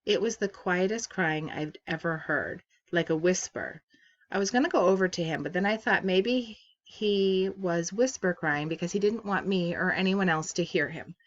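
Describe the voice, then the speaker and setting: A woman teacher reading a novel aloud to her class from her office, with steady, expressive storytelling. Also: on the low side, normal speed, muffled recording.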